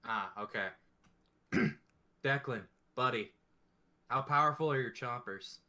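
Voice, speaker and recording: A man's voice: medium pitch, slow, pushed and bright. A man playing in a tabletop game, casual and joking. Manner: playful, joking. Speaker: player.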